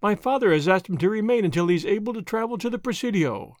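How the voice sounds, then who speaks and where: Man putting on a proud young señorita, sharp, high and lively. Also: fast talker, no echo, studio quality. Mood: impatient. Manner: sharp, exasperated. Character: spirited young noble lady, impatient and proud.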